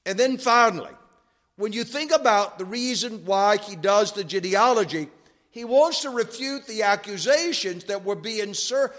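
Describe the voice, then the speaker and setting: A man's voice: sits high, a bit bright. A man teaching a Bible class, explaining step by step, repeating key points and checking that listeners follow. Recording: long reverb of a hall.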